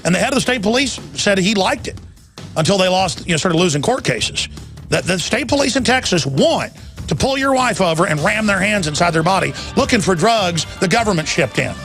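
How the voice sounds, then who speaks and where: A man's voice: high-pitched, animated, brisk, fairly bright tone, soft background music. A man hosting a talk radio show, delivering a heated, emphatic rant full of stammered restarts. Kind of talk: ranting talk radio monologue.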